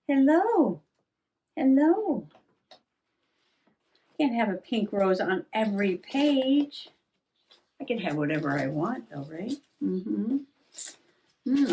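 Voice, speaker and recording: A woman hosting a relaxed, chatty journaling vlog at her craft table, musing aloud with soft laughs. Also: medium pitch, a little hiss or hum. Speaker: journaling vlogger. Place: home craft table indoors. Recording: voice a little distant from mic.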